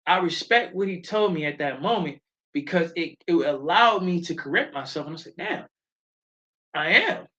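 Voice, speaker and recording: A middle-aged man hosts a live show in casual talk. He tells stories in an animated, emphatic way and drifts into preaching. The audio is a little dull and lo-fi. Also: fairly high pitch, brisk. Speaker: show host.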